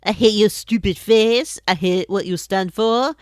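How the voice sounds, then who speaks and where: A woman's voice: medium pitch, a little slow, dry recording, clean studio sound, natural voice. A woman voicing a haughty, furious noble in a mock French-like accent, hamming up a villain monologue. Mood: indignant. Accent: mock Orlesian, a French-like put-on accent. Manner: shouted, over-the-top villain monologue.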